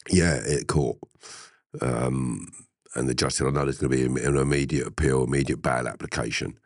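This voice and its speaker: A middle-aged man, telling a story in an interview, animated, often laughing and swearing. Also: very deep voice, dry recording, clean studio sound. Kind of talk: casual storytelling.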